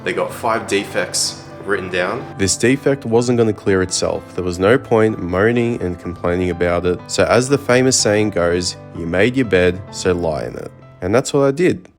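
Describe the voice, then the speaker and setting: Casual Australian bloke with a low voice. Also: male voice, moderate pace, hardly any pauses, faint music behind. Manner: swearing, animated retelling with quoted voices. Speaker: car vlogger. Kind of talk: casual storytelling vlog.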